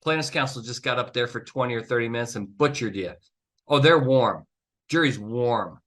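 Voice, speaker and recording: On his animated solo podcast, a trial consultant delivers blunt, emphatic advice, swearing and erupting in exasperation. He speaks at moderate speed in a medium-pitched, fairly bright voice.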